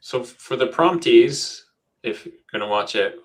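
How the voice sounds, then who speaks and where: A man co-hosting a casual podcast, easygoing and quick to back up the others. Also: mid-range voice, lively intonation. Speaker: podcast co-host.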